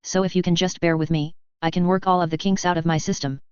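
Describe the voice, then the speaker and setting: A woman's voice: lowish voice, level tone, fast talker, clear, resonant tone, no echo, highs cut off, lightly acted. A woman voicing a brutal male soldier interrogator with a growling, threatening manner in a story reading.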